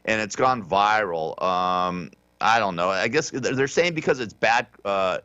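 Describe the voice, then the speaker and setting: A man's voice: on the low side, expressive, a little slow, bright, forceful tone, clear, resonant tone, no echo, muffled recording. A man hosting a talk radio show, rambling through the day's stories in an offhand, sarcastic way with many restarts. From Southern California. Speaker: radio host. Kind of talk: casual talk radio monologue.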